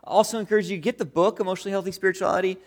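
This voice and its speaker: A man's voice: sits high, steady tone, racing. A man preaching a sermon as pastor, conversational and telling stories. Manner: conversational, storytelling with acted-out quotes.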